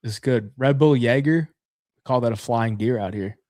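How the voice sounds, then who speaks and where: A podcast co-host chats in a relaxed, easygoing way on a betting show. His medium-pitched, slightly mellow voice moves at a normal speed, and the studio recording is free of echo.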